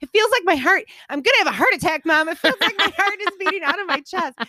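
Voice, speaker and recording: A woman putting on the voice of an anxious young boy, high, pleading and rushed. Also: animated, pushed and bright, dry recording, exaggerated voice. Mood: panicky.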